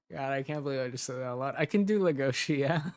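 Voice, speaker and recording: A man's voice: mid-range voice, no echo, studio quality. A young man, an audio drama creator, chatting casually and brainstorming ideas, rambling and laughing as he cuts himself off. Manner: rambling, giggly, self-interrupting.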